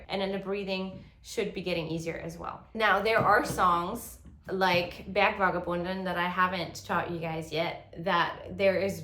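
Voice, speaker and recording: A woman with a lowish, fairly bright voice teaches yodeling online, explaining step by step and pausing to demonstrate. The recording has a roomy echo.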